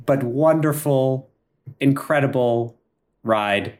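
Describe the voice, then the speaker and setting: Male improv podcast host, animated, theatrical narrator. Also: mid-range voice, unhurried, slight background noise. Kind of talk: improvised comedic storytelling.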